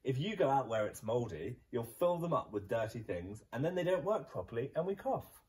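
A male teacher voicing a sensible dog doctor who patiently explains and gently scolds, in a storybook reading. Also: medium pitch, sing-song, fairly quick, recorded from a distance, close to an everyday voice. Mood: explaining.

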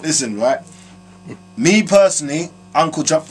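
A man with a London accent hosting a comic advice show, answering viewer letters in slangy, animated streetwise patter. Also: a little high, moderate pace. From South London. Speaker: host answering viewer questions.

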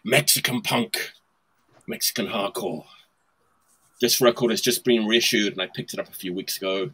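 A man's voice: lowish voice, moderate pace, pushed and bright, husky. A man hosting a casual video-call chat about punk records, rambling and enthusiastic with frequent laughs. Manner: laughs often, rambling and enthusiastic with many fillers. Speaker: host presenting vinyl record picks.

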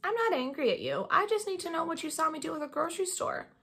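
A woman reading a storybook, voicing a kind, patient schoolteacher who explains things gently and soothingly. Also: extremely high pitch, big pitch swings, fast, voice pushed up, heavily acted. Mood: gentle.

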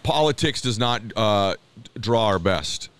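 A man's voice: on the low side, lively intonation, measured pace, fairly bright tone, clean tone. A man talking as an interview guest, telling stories in an emphatic, earnest way. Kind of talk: casual conversation.

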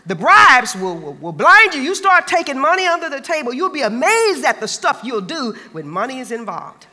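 A man's voice: extremely high pitch, sing-song, normal speed, pushed and bright, in a large hall. A man pastor preaching a sermon, emphatic and colloquial, repeating phrases for stress.

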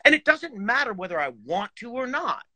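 A man on a video call chatting casually, animated and swearing, with lots of fillers. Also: very high voice, fairly quick, no room sound. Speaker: guest horn player.

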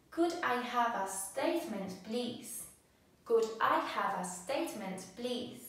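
A woman gives a slow, patient language lesson, saying each phrase twice with care. Her voice sits a little high. She is recorded from some distance in a strongly echoing room. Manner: repeats phrases slowly and clearly. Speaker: Spanish teacher. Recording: very echoey room, distant from mic.

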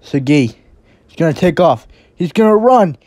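A play-by-play commentator calling a game live, calm on routine snaps and breaking into excited shouts on big plays. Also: medium pitch, moderate pace, no room sound.

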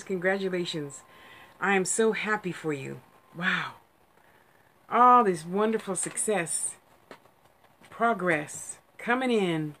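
A woman's voice: mid-range voice, fairly bright tone. Chatty laughing woman medium. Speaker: psychic medium livestream host. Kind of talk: casual livestream chat to viewers.

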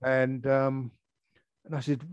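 An older Australian man, a former air force firefighter, telling a story in an interview, halting with many ums and restarts. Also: mid-range voice, little pitch movement, smooth, dry recording, lo-fi sound.

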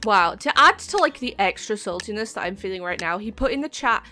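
A woman's voice: medium pitch, lively intonation, brisk. A young woman giving a chatty, panicky commentary over her own gameplay, with sudden shrieks. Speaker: gaming YouTuber. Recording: faint background music.

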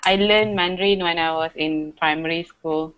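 A woman's voice: on the low side, steady tone, normal speed, clear, resonant tone, highs cut off. A young woman hosting a casual chat, talking hesitantly with fillers. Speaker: host.

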